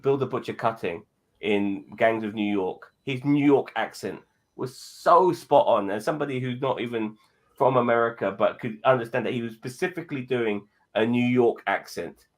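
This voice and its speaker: A British man co-hosting a casual chat, emphatic and quick with asides, swearing freely. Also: medium pitch. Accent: British English. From Britain. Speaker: podcast co-host.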